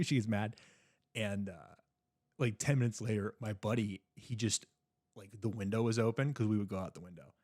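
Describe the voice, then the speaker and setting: A young man co-hosting a podcast, telling a story in a casual, animated way, swearing freely. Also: lowish voice, moderate pace. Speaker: podcast co-host.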